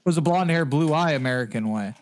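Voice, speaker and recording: Rambling, laughing podcast dad. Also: male voice, on the high side, lively intonation, fast talker. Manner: rambling, laughs a lot, stumbles over words. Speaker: podcast co-host. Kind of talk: casual banter.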